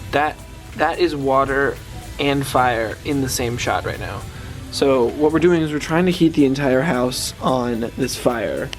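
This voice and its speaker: A teenage man vlogging in a casual, animated way, exasperated and acting out the people he quotes. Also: medium pitch. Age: teens. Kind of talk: casual vlog storytelling. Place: cold house and busy restaurant.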